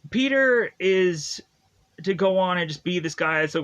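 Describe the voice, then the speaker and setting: In a muffled recording, a movie reviewer with a high, somewhat bright voice talks at a normal pace while casually recapping a film's plot. He rambles, leans heavily on "like" and "is to," and laughs at the twists.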